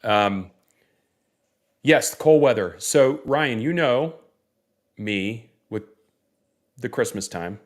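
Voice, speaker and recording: A man's voice: mid-range voice, lively intonation, drawn-out words, pauses often. A man from Northeast Florida co-hosting a casual sports podcast, easygoing and rambling, with plenty of fillers and restarts. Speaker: podcast co-host.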